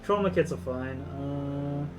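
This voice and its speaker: A man's voice: on the high side, slow pace, music in the background. A man streaming a video game, chatting casually and rambling as he plays. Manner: rambling, chatty, frequent fillers. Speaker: vtuber streamer. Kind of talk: casual gameplay commentary.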